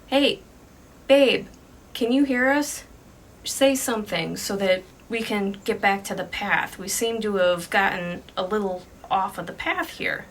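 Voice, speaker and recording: A woman's voice: mid-range voice, normal speed, few pauses, fairly bright tone, a little hiss or hum, close to an everyday voice. A woman voicing a young woman camper who is lost and puzzled, speaking in an urgent, disbelieving way. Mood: calling out.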